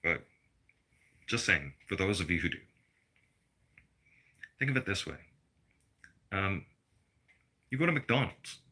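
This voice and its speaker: A middle-aged man vents to his viewers in a blunt, profane rant. His voice sits low yet cuts through with a sharp, very bright edge. He talks like he is lecturing, plain and unpolished. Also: sing-song, takes it slowly, pauses often, breathy edge. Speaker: vlogger. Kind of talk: personal rant to camera.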